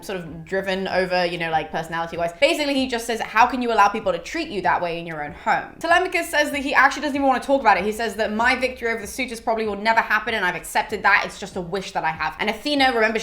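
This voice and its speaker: A woman's voice: medium pitch, fairly bright tone. A young woman summarizing a classic epic in a casual, gossipy way, with mild swearing. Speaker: literature educator. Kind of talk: casual chatty book summary.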